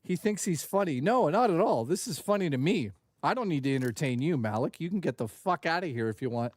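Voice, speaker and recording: A male gaming streamer whose slightly high voice swings widely in pitch as he banters and jokes with chat. The sound is dry and close, with no room around it. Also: a little fast, no room sound. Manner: animated, profane, joking with chat. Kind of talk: casual live-stream chat.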